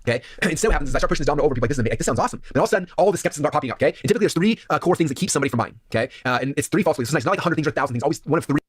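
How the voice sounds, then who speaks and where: A man giving a seminar presentation as a sales speaker, energetic and constantly checking in with his audience. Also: on the high side, racing, hardly any pauses, slightly rough, dry recording, clean studio sound.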